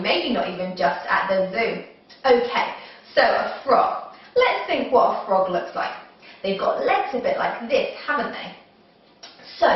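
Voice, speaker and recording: A woman's voice: sits high, recorded from a distance. A young woman leading a children's yoga class, playful and encouraging, making animal noises as she goes. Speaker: kids' yoga teacher. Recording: echoey room, mic set back, dull sound.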